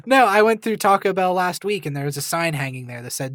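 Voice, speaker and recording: A man co-hosting a podcast, reading out odd news stories in a teasing, deadpan way during casual chat. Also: high-pitched, fairly quick, dry recording, studio quality. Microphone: studio mic.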